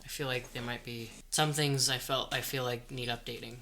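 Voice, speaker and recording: A tired man hosting a podcast in casual chat, low-key and subdued. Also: steady tone, moderate pace, vocal fry, noisy background. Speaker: podcast co-host.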